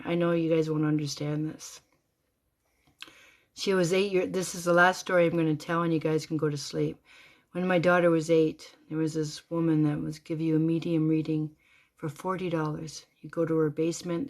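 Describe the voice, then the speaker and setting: Woman storyteller, casual and animated, low-ish voice, shifts from whispers to loud bursts. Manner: animated, swinging between hushed whispers and loud exclamations.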